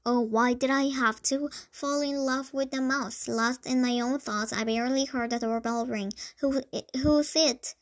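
Young woman reading a kids' storybook, slightly high voice, stumbles and restarts words a lot. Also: steady tone, moderate pace, hardly any pauses. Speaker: storybook reader. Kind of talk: reading a children's book aloud.

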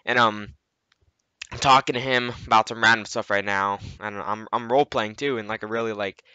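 Male gamer, casual rambling commentary, constant profanity, sharp tone. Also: medium pitch, fairly quick, smooth, no room sound. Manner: rambling, heavy swearing. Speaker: gameplay commentator. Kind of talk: casual narration over gameplay footage.

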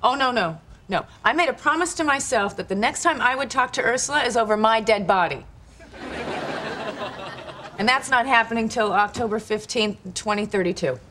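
An actress in her thirties playing a quirky, breezy young woman who tosses off airy deadpan remarks. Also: a little high, moderate pace, close to an everyday voice. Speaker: sitcom character. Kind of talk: sitcom acting. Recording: noisy TV soundtrack with studio laughter.

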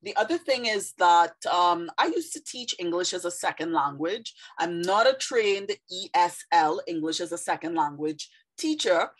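Lower-voiced woman explaining her project. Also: animated. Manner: measured, thoughtful, with occasional fillers. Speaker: YouTube channel host. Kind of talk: casual explanatory vlog.

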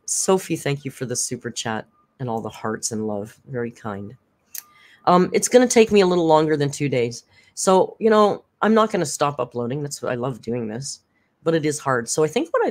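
Brief: worn-out, chatty live-stream host; casual chat, thanks viewers, reads messages aloud. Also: mid-range voice. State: tired, worn down by caregiving.

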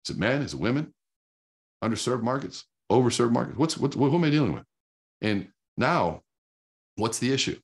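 A man's voice: fairly low pitch, breathy edge. A middle-aged man giving a conversational, emphatic motivational talk, often repeating his points for stress. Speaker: speaker.

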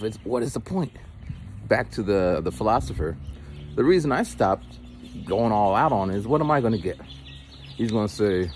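A man's voice: fairly low pitch, normal speed, pauses often. Rambling man, noisy outdoors. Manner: rambling, repeats words, animated. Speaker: vlogger. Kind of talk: casual monologue. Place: outdoors in the cold.

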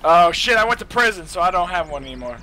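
A man's voice: high voice, expressive, fast talker, bright, forceful tone. A man in voice chat during an online role-play game, brash, profane and taunting. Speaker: gamer in role-play server.

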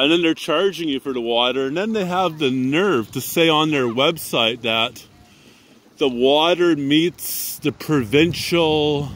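A man's voice: medium pitch, a bit bright. A man, a little out of breath, ranting and swearing casually to viewers while cycling outdoors in winter, recorded on a handheld phone. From Canada. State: slightly out of breath. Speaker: vlogger. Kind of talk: casual ride-along vlog. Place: outdoors on a bicycle in winter traffic.

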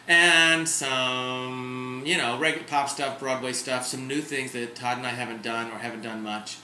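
A man's voice: medium pitch, steady tone, normal speed, slight background noise. A middle-aged man talking candidly to his camera at home in a casual vlog. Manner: chatty and candid, with sudden loud outbursts. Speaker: vlogger. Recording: echoey room.

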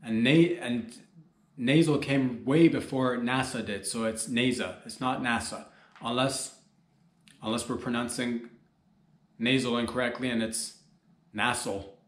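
A man's voice: medium pitch, unhurried, long pauses, reverberant. A man hosting a solo comedy podcast, rambling and joking as he talks straight to his listeners.

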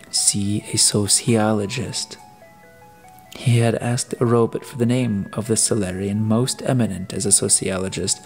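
Low-voiced man reading an audiobook. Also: darkish tone. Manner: deliberate reading with occasional restarts. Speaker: audiobook reader. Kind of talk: audiobook narration.

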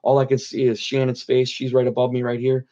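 A man's voice: mid-range voice, monotone, brisk, dark tone. Earnest man in a muffled interview. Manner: earnest, repeats phrases for emphasis. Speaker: guest telling his near-death story. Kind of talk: personal testimony in an interview.

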